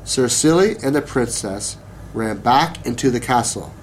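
A man reading a children's story aloud, slow and deliberate. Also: mid-range voice, lively intonation, a little hiss or hum. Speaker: narrator.

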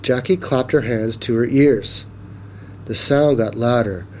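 A man reads a children's story aloud at an unhurried pace, leaning into each line with expression. His voice sits mid-range. A faint hum of room noise sits under him. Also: medium pitch. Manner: slow, expressive, animated reading.

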